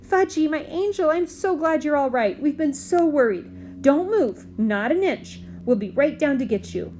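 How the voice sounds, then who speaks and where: Woman playing a loving mother, gentle, doting, higher voice. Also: lively intonation, moderate pace, slight background noise.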